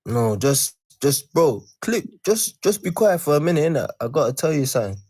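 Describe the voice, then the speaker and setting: A man's voice: fairly high pitch, big pitch swings, moderate pace, a little mellow, husky, dry recording, clean studio sound. A man in a casual group voice chat, teasing the others in slangy talk and mock patois. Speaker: chat participant.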